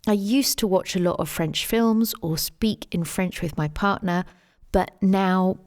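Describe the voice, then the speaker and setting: A middle-aged woman with a London English accent, answering interview questions as the guest, measured and thoughtful, with plenty of "um" and "you know". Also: on the low side, a little mellow. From England. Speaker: guest, English teacher and tour guide.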